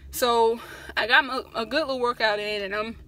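Woman, fitness vlogger, tired post-workout chatter, higher bright voice. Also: fairly even intonation, normal speed. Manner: chatty, rambling, encouraging, says "y'all". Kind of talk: casual chat to camera. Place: parked truck.

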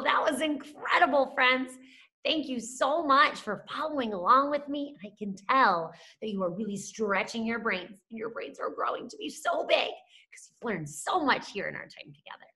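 A woman's voice: fairly high pitch, sing-song, moderate pace, bright, forceful tone. A woman who teaches second grade, giving a televised lesson with cheerful call-and-response chanting. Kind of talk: televised classroom lesson for children.

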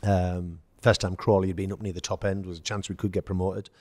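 English ex-footballer guest, low dry voice, anecdotal and animated. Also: male voice, fairly quick, dry recording. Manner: storytelling, acts out quoted dialogue, laughs. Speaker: former footballer, podcast guest. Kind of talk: casual anecdote telling.

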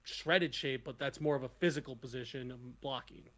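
A man's voice: mid-range voice, steady tone, normal speed, a bit bright. A young man talking in a casual podcast chat, hesitant and full of restarts and "like.".

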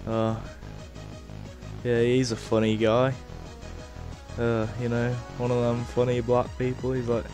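A young man rambling casually through a let's-play of a game on a headset mic, with lots of fillers and sudden shouts of frustration. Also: mid-range voice, flat delivery, normal speed, soft background music. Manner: rambling, filler-heavy, bursts into rage shouts. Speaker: gaming video host.

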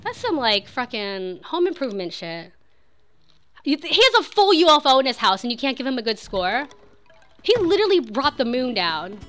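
Bright, giggly woman streamer. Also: high voice, very animated, normal speed, faint music behind. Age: 30s. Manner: giggly, rambling, swears freely. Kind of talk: casual live gameplay chat.

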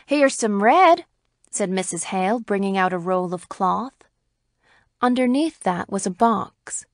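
A woman narrating a classic short story as an audiobook reader, in a measured, even storytelling manner. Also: medium pitch, dry recording, clean studio sound. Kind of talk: scripted narration.

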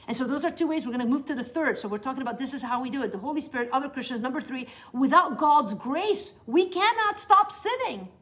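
A woman's voice: high voice, rapid-fire, hardly any pauses. A middle-aged woman giving a teaching session to new believers, talking in an earnest, conversational way with frequent restarts. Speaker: Bible teacher.

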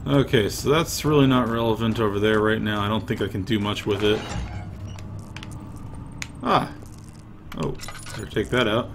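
A man's voice: fairly low pitch, fairly even intonation, moderate pace, long pauses, background noise. A man giving profane, irritable gameplay commentary, mumbling to himself as he plays, into a desk mic. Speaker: let's play gamer.

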